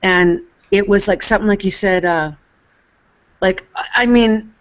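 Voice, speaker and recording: A woman's voice: mid-range voice, steady tone, a little slow. A woman from Canada, rambling and swearing in an effusive way during a casual voice chat. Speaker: chat participant. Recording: lo-fi online voice chat.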